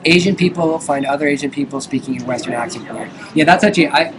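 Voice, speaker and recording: A man with a slightly high voice talks quickly as a guest on a live stream, with noise in the background. He's an animated storyteller in casual chat, acting out the lines people said.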